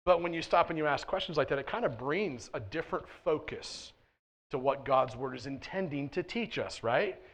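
A man's voice: fairly high pitch, lively intonation, moderate pace. A man preaching a sermon as pastor of a church, talking in a casual, conversational way and often checking in with the congregation. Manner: swings between quiet asides and loud emphatic points. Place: church sanctuary.

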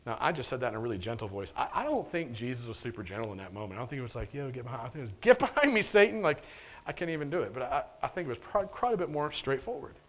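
A man's voice: medium pitch, animated, racing. A male pastor giving a sermon in a loose, conversational way, full of "like" and restarts, with playful asides. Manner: casual and conversational, with frequent "like" and restarts; playful asides and short laughs while preaching. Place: church.

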